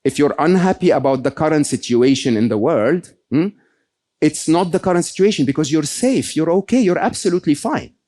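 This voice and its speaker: A man's voice: on the high side, animated, a little fast, warm tone. A man giving a conversational motivational talk to a live audience, often checking in with "okay?" and "right?". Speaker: keynote speaker.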